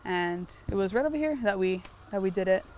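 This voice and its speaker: Animated young woman telling stories. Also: medium pitch, a little fast, a little hiss or hum. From Hawaii. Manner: animated, lots of "like", acts out sounds. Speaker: pig farmer. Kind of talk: casual storytelling on a farm tour. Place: outdoors on a farm.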